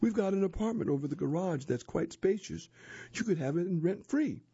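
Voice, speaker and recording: A man voicing a kind, gentle wealthy woman who speaks softly, in a read-aloud story. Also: high-pitched, lively intonation, fairly quick, breathy edge, no room sound, dull audio, pitched above the performer's own voice. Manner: gentle, soft-spoken.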